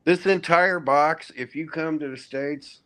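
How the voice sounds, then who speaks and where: A man's voice: a little high, measured pace, sharp tone. A man with a Midwestern accent chatting eagerly on a video call about dialects and keepsakes. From Midwest, Indianapolis. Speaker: stream guest. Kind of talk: casual chat.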